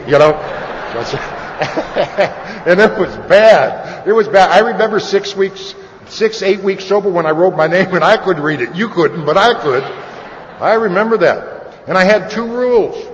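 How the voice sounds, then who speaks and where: A man's voice: high-pitched, a little slow. Man telling his story in a reverberant hall. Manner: conversational, candid storytelling with wry humor. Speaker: speaker at a recovery meeting. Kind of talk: personal recovery story told to an audience. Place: meeting hall. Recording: lo-fi recording with long hall reverb and faint noise.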